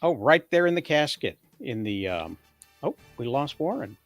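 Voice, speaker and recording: A man's voice: mid-range voice, very animated, no echo, faint music behind. A man hosting a casual live-stream chat with guests on a video call, joking and poking fun at himself. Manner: self-deprecating, joking, drawn-out teasing. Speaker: host of a live watch-along stream.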